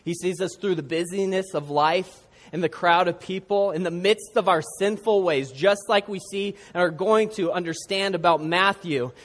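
A man preaching a sermon, praying earnestly and then telling a story with animated, earnest delivery. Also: high-pitched, moderate pace, in a large hall. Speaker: pastor.

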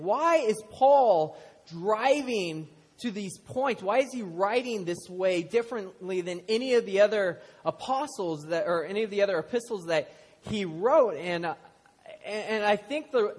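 High-voiced man preaching in an echoing hall. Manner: chatty storytelling with self-deprecating jokes. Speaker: pastor. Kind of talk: casual humorous sermon. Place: church hall before a congregation. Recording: long hall reverb.

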